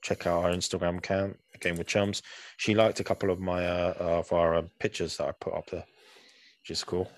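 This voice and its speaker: A man's voice: low voice, little pitch movement, a little fast, a little hiss or hum. A young man co-hosting a podcast in casual chat, rambling with lots of fillers and restarts. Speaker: podcast co-host.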